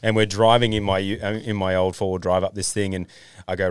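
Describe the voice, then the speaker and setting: An Australian man co-hosting a casual podcast, telling stories and doing quick impressions of people he quotes. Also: sits low, clear, resonant tone, no room sound, studio quality. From North Queensland, Australia. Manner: storytelling, animated impressions of others. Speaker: podcast co-host. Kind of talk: casual chat.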